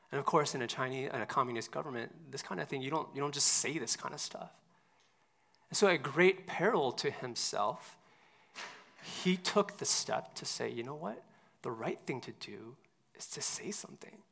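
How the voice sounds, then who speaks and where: A male pastor with a mid-pitched, gravelly voice preaches conversationally, dipping into hushed moments and rising to emphatic peaks.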